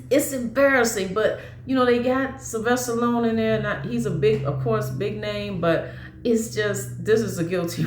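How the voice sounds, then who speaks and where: A woman talks casually about movies in a lowish voice. She rambles, restarting sentences and filling gaps with "um" as she goes. The room around her adds a noticeable echo, with faint noise underneath. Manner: rambling, with frequent restarts and fillers. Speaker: movie vlogger.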